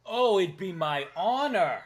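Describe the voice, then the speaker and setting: A man's voice: animated, a little slow. A man from Massachusetts with a Massachusetts accent, hosting a livestream in casual chat and laughing often. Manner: laughs often, chatty, swoops in pitch. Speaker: livestream host.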